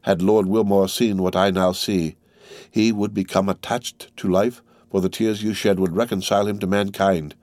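A mysterious count speaks with measured earnestness, holding his feelings back, voiced by a male audiobook reader. The voice sits low and sounds dry and close. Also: expressive, a little mellow, dry recording. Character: grave, mysterious nobleman count, middle-aged. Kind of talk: audiobook character reading.

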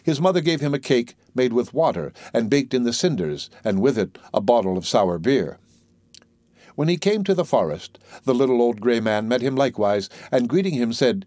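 Man reading an old fairy tale aloud, measured and even, mid pitch, dry close sound. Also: no room sound. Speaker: narrator. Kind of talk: storybook reading.

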